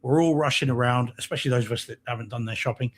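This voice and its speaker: A man's voice: medium pitch, rapid-fire. Chatty man greeting a live chat. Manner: chatty, reads out and greets viewer comments. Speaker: podcast co-host. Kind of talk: casual live-stream chat.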